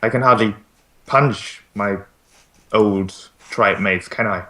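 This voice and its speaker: A man voicing a small, eager female creature who repeats words as she rushes ahead. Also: fairly low pitch, sharp tone. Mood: brisk. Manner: stammering repeats.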